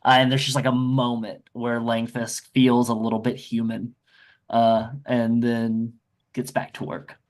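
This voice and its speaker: A man narrating a scene in a tabletop game, halting with fillers. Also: medium pitch, completely flat delivery. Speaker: player narrating his scene.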